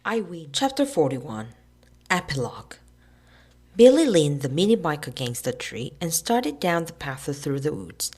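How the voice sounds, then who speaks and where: A woman narrating a storybook aloud in an expressive way, switching into voices for the characters. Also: sits low, unhurried, slightly rough. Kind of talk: storybook reading.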